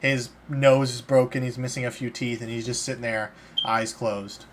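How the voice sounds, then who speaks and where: A man narrating as game master in a tabletop game, calm and plain, slipping into short character lines. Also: mid-range voice, moderate pace, noisy background.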